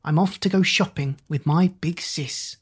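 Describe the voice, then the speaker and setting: A reader voicing a cheeky young boy who answers monsters in a chirpy, higher voice. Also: a little slow, slightly rough.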